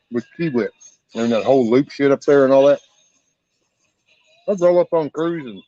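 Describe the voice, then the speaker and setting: A man's mid-range, darkish voice carries this outdoor work vlog, where he chats casually, jokes and swears plenty. There's no room sound, and the recording is dull and lo-fi with music.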